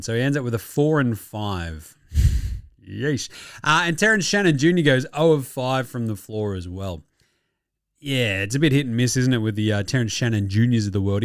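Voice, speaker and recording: Aussie bloke riffing on basketball, swears a lot, voice jumps all over, dry close sound. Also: male voice, mid-range voice, smooth, dry recording. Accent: Australian. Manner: excitable, swears freely, slangy. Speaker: podcast host. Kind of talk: casual sports chat.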